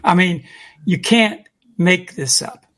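A man co-hosting a call-in show, delivering an emphatic, deliberate monologue and repeating his key phrases. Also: sits high, fairly bright tone.

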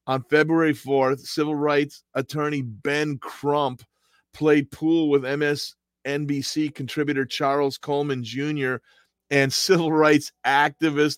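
Podcast host guy, a bit high voice, blunt and crude, reads stuff out, dry sound. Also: dry recording. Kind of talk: casual chat, reading headlines aloud.

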